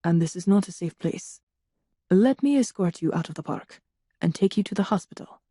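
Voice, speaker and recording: A woman voicing a mysterious male supernatural being who speaks in a low, soothing, measured way. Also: mellow, dry recording, clean studio sound, close to an everyday voice.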